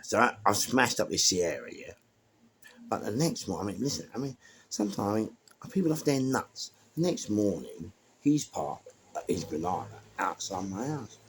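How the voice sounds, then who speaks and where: A man with a London accent telling a lively, slangy story and acting out what people said. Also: lowish voice, normal speed, slight background noise. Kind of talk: casual spoken anecdote.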